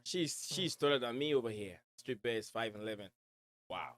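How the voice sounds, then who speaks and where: A man's voice: medium pitch, lively intonation, normal speed, dry recording. A man from West Africa with an accent blending West African and American, hosting a casual fan livestream at home and reading viewer messages in a rambling way, with many fillers and repeated words. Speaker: livestream host.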